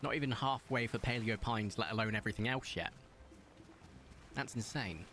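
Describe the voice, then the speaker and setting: A man's voice: mid-range voice, normal speed, a bit bright. A man from England, chatting casually with his live-stream chat while gaming and laughing often. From southern England.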